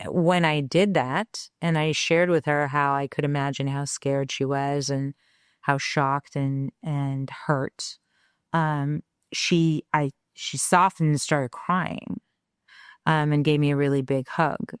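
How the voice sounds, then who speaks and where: Woman podcast host, low-ish smooth voice, lively storytelling, dry close sound. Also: slow, no room sound. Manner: animated, acts out quoted dialogue; reflective and candid. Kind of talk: conversational storytelling.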